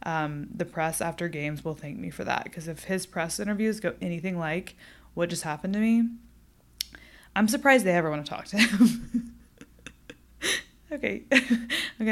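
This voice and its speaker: A young woman hosts her own podcast in a casual solo chat. She is chatty and candid, with a fairly low voice for a woman. Her talk is loose and unscripted, peppered with swearing. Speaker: podcast host.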